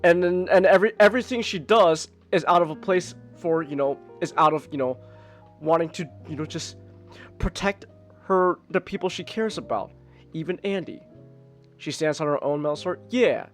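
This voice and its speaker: A man's voice: on the high side, normal speed, soft background music. A man hosting a live podcast, chatting casually about a movie he liked, rambling with many restarts and fillers. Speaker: podcast host. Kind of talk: casual movie review chat.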